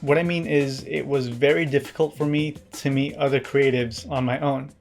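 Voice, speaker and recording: Guy doing a deadpan vlog voiceover, dry jokes, mid pitch, a bit of music under it. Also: normal speed, gravelly. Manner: introverted, earnest. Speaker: vlogger. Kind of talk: scripted vlog narration.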